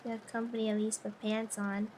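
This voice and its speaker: A woman's voice: mid-range voice, little pitch movement, brisk, darkish tone, slight background noise. A young woman streamer chatting casually with viewers, playful and flustered, laughing often.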